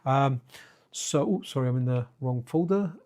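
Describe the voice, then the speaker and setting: A man's voice: medium pitch, moderate pace, a little mellow. A man chatting casually to his viewers on a live stream while playing retro games, wandering off into side stories and addressing chat by name.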